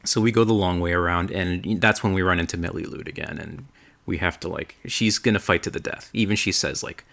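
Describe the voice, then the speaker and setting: Podcast co-host, male, deep gravelly voice, enthusiastic rambler. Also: fairly quick. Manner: excited, rambling, swears freely. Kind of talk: casual chat recapping a game.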